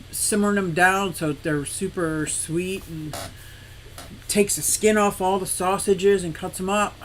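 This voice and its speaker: A woman's voice: lowish voice, slight background noise. Chatty older woman hosting a live stream. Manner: chatty and animated, laughs often, rambling anecdotes. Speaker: livestream host of an aquarium and fish shop. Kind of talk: casual live-stream chat, greeting viewers and reading comments.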